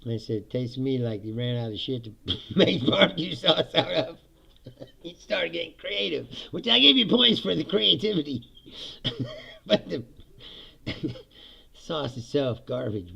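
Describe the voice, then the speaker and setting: A man's voice: mid-range voice, gravelly, sharp tone. A man hosting a casual, profane monologue, laughing often and mocking others in silly voices. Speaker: host.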